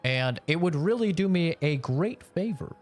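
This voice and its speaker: A man's voice: a little high, expressive, normal speed, faint music behind, pitched above the performer's own voice. A man voicing an overly polite, formal male customer, using stiff, exaggeratedly courteous diction.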